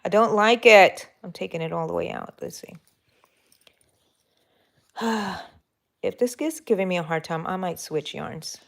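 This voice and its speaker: A lowish, creaky voice at a measured pace, pausing often, comes from a woman with a Texan accent. She hosts a chatty crochet tutorial livestream, addressing viewers and herself as she works.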